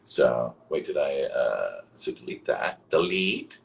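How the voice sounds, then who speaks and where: A man's voice: extremely low pitch, big pitch swings, slow, gravelly, slight background noise. A man in his fifties reading out fan questions and answering them in a casual, rambling way, swearing freely. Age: 50s. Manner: reads fan questions aloud, then answers. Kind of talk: livestream Q&A.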